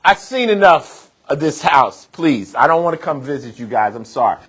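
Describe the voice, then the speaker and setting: A man's voice: on the high side, very animated, moderate pace, fairly bright tone, slightly rough. A man hosting a TV mediation, bluntly questioning and teasing a roommate in slang. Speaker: TV mediator host. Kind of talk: TV mediation hearing.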